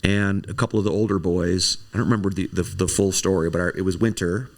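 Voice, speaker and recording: A man from Wisconsin, a guest on the show, telling a personal childhood story in a reflective, halting way. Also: sits low, steady tone. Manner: reflective, halting, many restarts. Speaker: guest, company COO.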